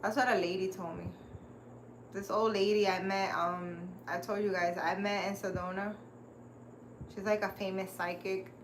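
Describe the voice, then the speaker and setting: A woman who runs her own channel as a spiritual healer chats casually and animatedly with her live viewers, laughing often. Her mid-range voice has little pitch movement at a moderate pace, and the background is noisy.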